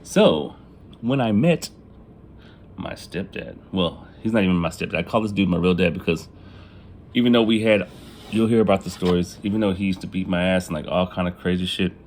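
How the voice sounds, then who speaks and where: Casting note: man with a lowish voice, candid confessional vlog storytelling, faint room ambience behind. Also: brisk, darkish tone, slight background noise. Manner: casual, profane, laughs at his own jokes; acts out family members in quoted lines. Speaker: vlogger telling his life story. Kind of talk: casual storytelling.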